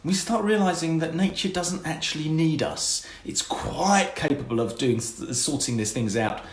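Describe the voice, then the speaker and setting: A man's voice: fairly high pitch, moderate pace. A man co-hosting a live-streamed coffee morning from home, chatting in a jokey, rambling way. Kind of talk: casual chat. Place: home room. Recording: echoey room, faint background noise.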